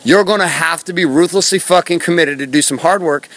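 Fast, bright-voiced motivational man. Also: a little high, no room sound. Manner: punchy, preachy, swears for emphasis. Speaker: motivational podcast host. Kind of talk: motivational monologue. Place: outdoors in a forest. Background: birds and bees.

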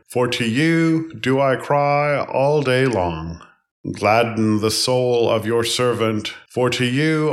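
A man reading scripture aloud in a measured way, pausing at each phrase. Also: mid-range voice. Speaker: scripture reader.

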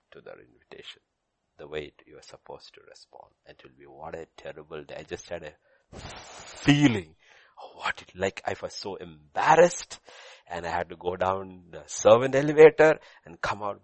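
Deep gravelly-voiced man preaching. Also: darkish tone, no echo. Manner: storytelling, acts out dialogue, repeats phrases for emphasis. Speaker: pastor. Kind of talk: sermon with Bible teaching.

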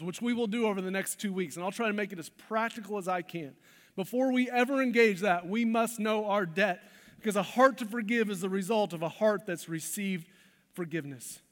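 A pastor with a high voice delivers a slightly fast sermon to his congregation in the church sanctuary. He shifts from quiet, intimate moments to fervent, emphatic highs, and his voice rings with a long hall reverb.

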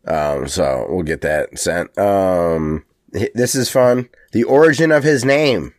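A man's voice: low voice, lively intonation, slow pace, dry recording. Rambling American man, dry sound. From United States. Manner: rambling, filler-heavy, joking. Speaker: podcast co-host. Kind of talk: casual chat.

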